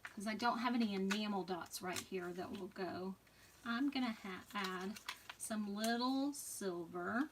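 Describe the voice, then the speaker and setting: Woman doing a live craft demo, slow and chatty, mutters little asides, mic kinda far off. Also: mid-range voice, background noise.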